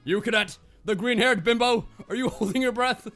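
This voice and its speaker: A man voicing a gruff, pompous male drill sergeant major who barks commands and sneers insults at cadets while reading a visual novel on stream. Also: very high-pitched, normal speed, fairly bright tone, soft background music, voice pushed up. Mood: barking.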